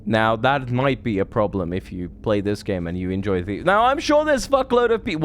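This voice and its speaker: A man's voice: on the low side, very animated, moderate pace, hardly any pauses, a little hiss or hum. A man in his thirties streaming a game, chatting loosely with viewers, swearing often and rambling between thoughts. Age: 30s. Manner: rambling, profane, chatty with chat. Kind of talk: live gameplay commentary.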